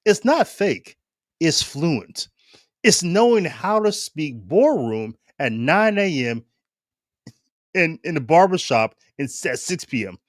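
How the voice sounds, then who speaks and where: A man from Ohio hosting his own show, talking in animated, casual commentary and laughing often. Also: a little high, takes it slowly, no room sound, studio quality. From Ohio, United States. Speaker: show host.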